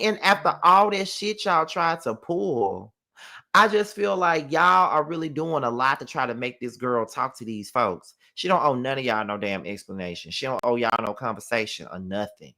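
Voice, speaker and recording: A man giving a casual, sassy live review of a reality show, animated and swearing freely. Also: mid-range voice, normal speed, vocal fry.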